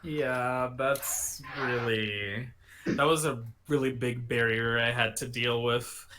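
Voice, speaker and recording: A man's voice: mid-range voice, fairly even intonation, slow, pushed and bright. A man for whom English is a second language, talking in a thoughtful, modest way on a panel. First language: not English. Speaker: game developer. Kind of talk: casual chat.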